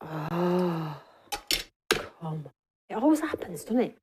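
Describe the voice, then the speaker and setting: A woman's voice: lowish voice, lively intonation, measured pace, long pauses, noisy background. A woman hosting a live craft demonstration in a studio, chatting to her viewers and answering their comments as she works. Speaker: craft show host.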